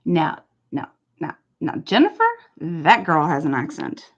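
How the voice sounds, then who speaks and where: A woman's voice: low voice, big pitch swings, measured pace, highs cut off. A woman hosting a livestream, chatting casually and answering viewers one by one. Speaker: livestream host. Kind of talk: casual chat.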